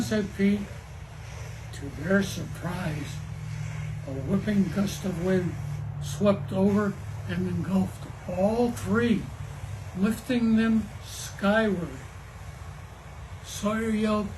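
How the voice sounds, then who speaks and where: Slow, gentle storybook reader, a man. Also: high voice, a little hiss or hum, rough recording. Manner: slow, gentle reading, talks to a child listener between passages. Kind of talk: reading a children's story aloud.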